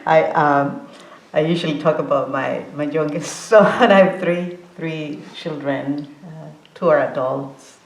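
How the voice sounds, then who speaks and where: A woman in her forties giving an informal meditation talk, halting with many fillers and restarts, often breaking into laughter. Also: deep voice, fairly even intonation, gravelly. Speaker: meditation teacher. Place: meditation hall. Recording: roomy hall sound.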